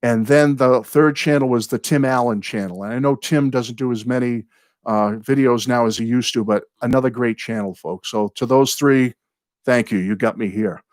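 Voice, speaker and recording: An older man hosting his own live chat, greeting viewers and rambling excitedly through fan stories and thank-yous. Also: medium pitch, normal speed, dry recording, clean studio sound. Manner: rambling, excitable, apologizes for going off on tangents. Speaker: host of a music fan channel.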